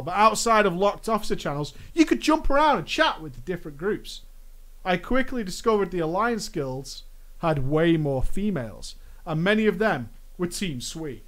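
A man's voice: high voice, fairly bright tone. A young American man with an American accent telling a gaming story in a casual, joking monologue with mock-dramatic asides. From United States. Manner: playful, jokey asides, drawn-out mock-dramatic phrases. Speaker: gaming vlogger.

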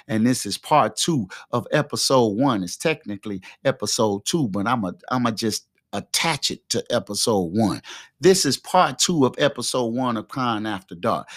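A man's voice: mid-range voice, no echo, clean studio sound. Fervent preachy male podcast host. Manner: fervent, preachy, repetitive exhortations. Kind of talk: motivational preaching monologue. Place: quiet room. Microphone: close podcast microphone.

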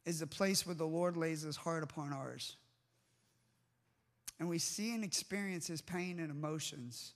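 A man's voice: a little high, moderate pace. A man preaching a sermon with fervent emphasis and restarts, before a live congregation in a large hall. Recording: long hall reverb.

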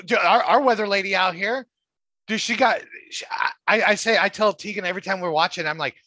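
A man's voice: high-pitched, a little fast, sharp tone, no room sound. A man co-hosting a casual podcast chat, bantering with profane jokes. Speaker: podcast co-host.

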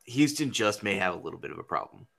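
A man's voice: low-pitched, big pitch swings, fast, gravelly, fairly bright tone. A man hosting a podcast, rambling through crude, profane comedic banter and laughing at his own jokes. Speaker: podcast host.

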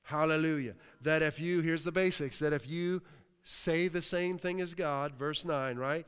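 A pastor from Western Pennsylvania preaches with a smooth, resonant voice pitched a bit high for a man. He shouts hallelujah between points and keeps asking the room if it is with him. His voice rings out with a long reverb from a large hall. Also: a little slow. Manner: exclaims hallelujah, asks the crowd. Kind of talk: sermon.

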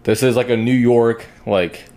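A man's voice: medium pitch, steady tone, measured pace, darkish tone, a little hiss or hum. A young man hosting a podcast, crude and joking in casual banter, often laughing. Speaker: podcast host.

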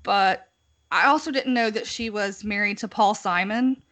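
A woman's voice: medium pitch, normal speed, fairly bright tone. A woman casually chatting as a podcast co-host, laughing often as she retells what she has heard. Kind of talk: casual chat.

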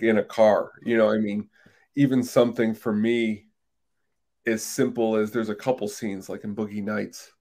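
A man co-hosting a live film podcast, agreeable and a little halting in casual chat. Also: fairly low pitch, creaky, a little mellow. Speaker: podcast co-host.

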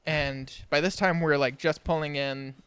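Clear-voiced young man telling a funny story. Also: on the high side, moderate pace, dry recording. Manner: animated storyteller, acts out quoted family voices and laughs through his story. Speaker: podcast co-host. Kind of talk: casual storytelling chat.

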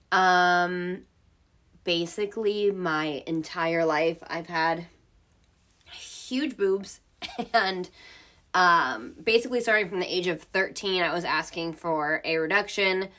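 A woman's voice: lowish voice, pushed and bright. A young woman hosting a podcast, telling a personal story in a frank, profane way and laughing often. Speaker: podcast host. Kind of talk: casual storytelling.

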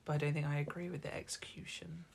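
A co-host chatting casually about a film, agreeable, teasing and quick to laugh. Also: mid-range voice, little pitch movement, vocal fry, breathy edge. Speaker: podcast co-host. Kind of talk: casual film review chat.

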